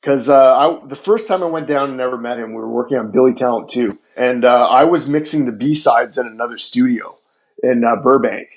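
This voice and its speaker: A man, a guest music producer, telling lively studio anecdotes in a casual podcast interview. He acts out quoted dialogue and swears freely. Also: mid-range voice, fairly quick, rough recording.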